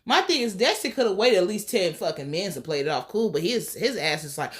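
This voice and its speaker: A woman's voice: mid-range voice, big pitch swings, fairly quick, hardly any pauses, fairly bright tone. A woman recapping a TV episode in a sassy, profane, casual way, acting out the characters' lines as she goes. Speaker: TV show reviewer.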